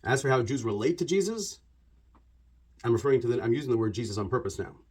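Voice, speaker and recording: This is a man with a slightly husky, mid-pitched voice who holds forth in a loose, conversational monologue. He wanders off on tangents and stacks repeated words for emphasis. His delivery stays animated and chatty throughout. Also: quick pace. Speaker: religious commentator.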